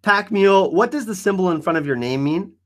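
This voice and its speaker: A man hosting a live stream in a loose, joking way, answering his chat as he goes. His voice sits a little high for a man and swings up and down a lot, so he sounds animated. He talks casually and often trips over his words while reacting to comments. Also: brisk.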